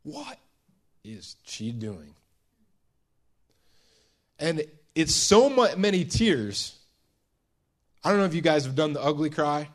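A man preaching a sermon, retelling a scene with hushed and emphatic turns and many restarts. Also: on the high side, expressive. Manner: storytelling, dramatizing a scene with voiced quotes; pauses and restarts, shifts between hushed and emphatic.

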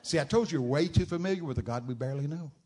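A man preaching a sermon, telling Bible stories with dramatic shouted outbursts. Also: on the high side, rapid-fire, some chatter behind. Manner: dramatic storytelling, bursts into loud shouted quotes.

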